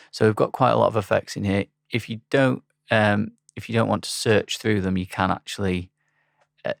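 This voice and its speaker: A man with a low, gravelly voice walks through a software tutorial. He speaks in a relaxed, halting way and often pauses on an um. The sound is dry and close. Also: dry recording. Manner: relaxed, halting, with frequent ums. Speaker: instructor. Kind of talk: screen-recorded software tutorial.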